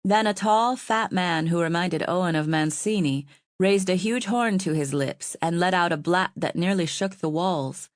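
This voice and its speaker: A woman narrating an audiobook in a steady, even storytelling manner. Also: lowish voice, normal speed, dry recording, studio quality.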